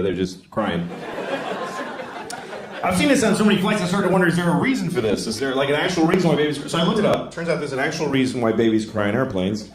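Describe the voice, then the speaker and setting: A man doing a stand-up comedy set, telling stories deadpan and breaking into loud acted-out voices. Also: medium pitch. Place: theater stage before a laughing audience. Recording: roomy live venue with crowd laughter.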